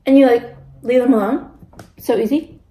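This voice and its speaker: A woman's voice: fairly high pitch, normal speed, mellow, reverberant, poor audio. A young woman vlogging casually while eating, ranting about pet peeves with lots of fillers. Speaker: mukbang vlogger.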